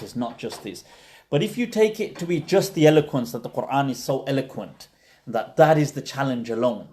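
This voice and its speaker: This Islamic scholar speaks in a mid-range voice with a darkish tone. He's running a livestreamed question and answer session, giving long conversational explanations full of fillers and false starts.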